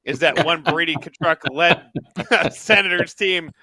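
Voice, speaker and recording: A man's voice: a little high, unhurried, pushed and bright. A man hosting a casual hockey podcast, rambling and laughing as he talks. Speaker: podcast host. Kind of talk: casual sports chat.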